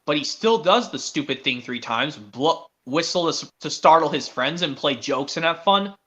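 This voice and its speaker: A man's voice: fairly high pitch, expressive, normal speed, sharp tone. A young man hosting a stream in casual chat, rambling with restarts and hesitant questions. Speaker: stream host. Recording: dull lo-fi stream audio.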